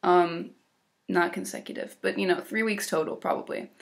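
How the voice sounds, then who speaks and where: A teenage exchange student from Illinois, USA, vlogs about her exchange year in an American accent, her voice lowish, gravelly, and steady at a moderate pace. She keeps it casual and upbeat, chatty, with fillers and little laughs.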